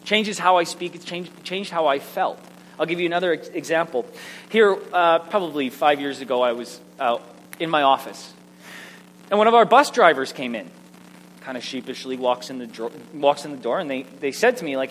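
A man preaching a sermon, telling personal stories in an animated, self-mocking way. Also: fairly high pitch, a little fast. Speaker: pastor. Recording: echoey hall with faint hum.

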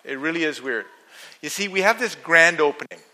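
A man's voice: a little high, animated, a little fast, pushed and bright, exaggerated voice, rough recording. A man voicing a worried middle-aged zookeeper who explains things plainly and a bit hesitantly. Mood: matter-of-fact.

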